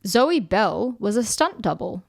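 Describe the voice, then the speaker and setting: A woman co-hosts a casual podcast chat and reads out film trivia and reviews with dry amusement. Her voice sits at a middle pitch and sounds close and dry, with no room around it. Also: very animated, a little slow, gravelly, no room sound. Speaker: podcast co-host.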